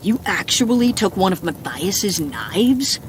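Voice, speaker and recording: A man's voice: high voice, sing-song, slow, a little hiss or hum, full character voice. A woman voicing a chatty, wisecracking grown man who grumbles and jokes in a storybook reading. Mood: jokey. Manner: jokey, grumbling, talkative.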